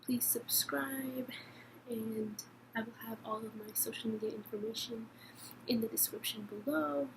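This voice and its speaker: A woman's voice: fairly high pitch, steady tone, a little slow, creaky. Rambling young woman vlogging, noisy. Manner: chatty, rambling, many fillers and repeated phrases. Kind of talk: casual chat to camera.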